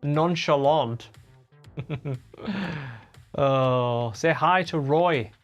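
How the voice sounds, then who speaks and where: A low-voiced woman chatting on a live stream from a home room. Her voice swoops up and down a lot as she reads out viewer comments and replies to them. Faint music plays behind her. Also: expressive, a little slow, lo-fi sound. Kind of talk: casual live-stream chat.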